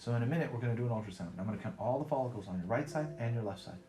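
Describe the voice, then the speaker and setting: A man working as a fertility doctor, explaining to a patient in a brisk, reassuring way and checking in often. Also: mid-range voice. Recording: roomy sound with background music.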